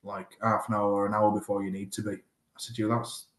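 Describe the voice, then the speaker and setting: A man's voice: lowish voice, a little fast. Chatty man in an echoey room. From Northern England. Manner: animated storyteller, acts out quoted exchanges. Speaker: rugby player and guest. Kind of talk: casual interview chat.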